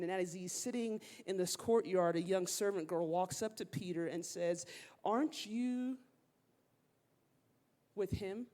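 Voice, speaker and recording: A woman preacher telling a story in a sermon, casual and slangy, acting out the people she quotes. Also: fairly low pitch. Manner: animated, slangy, acts out quotes. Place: church sanctuary.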